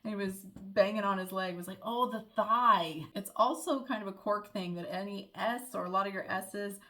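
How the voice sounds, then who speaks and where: A woman's voice: medium pitch, fairly even intonation, a little fast, fairly bright tone. A young American woman living abroad, explaining local words in a friendly, chatty vlog with the odd small laugh. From United States. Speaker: vlogger.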